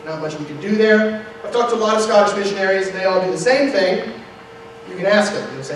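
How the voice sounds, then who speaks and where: A man's voice: sits high, quick pace. Wry young man doing stand-up, echoey. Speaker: stand-up comedian. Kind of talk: stand-up set. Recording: echoey room from far off, noisy.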